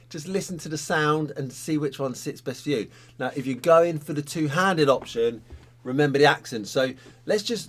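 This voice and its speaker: A man teaching a drum lesson, talking casually and counting sticking patterns aloud. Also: mid-range voice.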